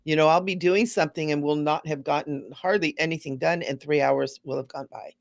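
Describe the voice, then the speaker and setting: A woman giving a casual, rambling spiritual talk to viewers, gently repeating words for emphasis. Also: sits low, fairly even intonation, a little fast, creaky, slight background noise. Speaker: spiritual teacher hosting a live stream.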